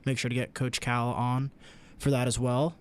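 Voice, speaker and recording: A young man, a college radio sports director, talking casually in a measured way with frequent fillers. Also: medium pitch, smooth. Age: young adult. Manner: even, measured, hesitant fillers.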